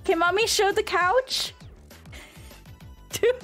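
A woman's voice: extremely high pitch, drawn-out words, fairly bright tone, faint music behind. A woman streaming a game, chatting casually, giggling often and cooing in baby talk at her dog. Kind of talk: casual gameplay commentary.

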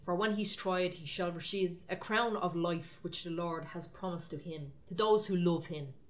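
Lower-voiced woman preaching a sermon. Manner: exhorting, firm, conversational.

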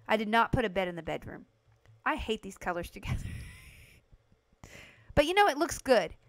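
A woman livestreaming a game, chatting to her viewers in a chatty, gushing, excitable way. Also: medium pitch, no echo. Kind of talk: casual gameplay commentary to chat.

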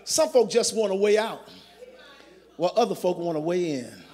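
A man preaching a sermon in call-and-response style, building to shouts. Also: sits high, animated, moderate pace. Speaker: pastor. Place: large church sanctuary. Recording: long church reverb.

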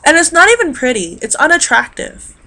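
Woman, beauty vlogger, casual chat, rambling, filler-heavy, bright tone. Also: sits high, sing-song, a little fast. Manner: rambling, chatty, lots of fillers.

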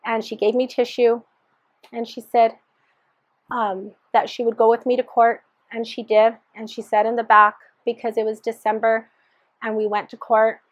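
A woman's voice: a little high, level tone, moderate pace, no echo, highs cut off. A woman sharing her personal testimony in an earnest storytelling manner, re-enacting the dialogue as she recalls it.

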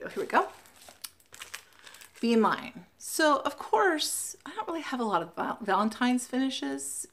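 Speaking casually in a show-and-tell vlog, a Flosstube creator from the US West Coast has a medium-pitched, somewhat bright voice. She often says "um" and spells names out one letter at a time.

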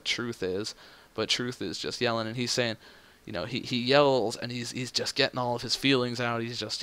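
A man talks through his game in a loose, rambling way, swearing and thinking out loud as he goes. His voice has a gravelly fry and a bright, forceful edge. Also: mid-range voice. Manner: rambling, profane, thinking aloud. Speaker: let's play host. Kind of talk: casual gaming commentary.

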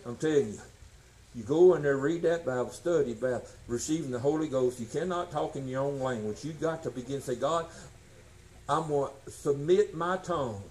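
A man preaching a sermon, folksy and emphatic, swinging from shouts to low tones. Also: normal speed, low-quality recording. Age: 60s.

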